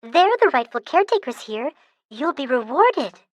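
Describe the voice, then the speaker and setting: A woman's voice: high voice, very animated, normal speed, no room sound, studio quality, voice pushed up. A woman reading an audiobook, voicing a brave young girl who speaks in an urgent, pleading way.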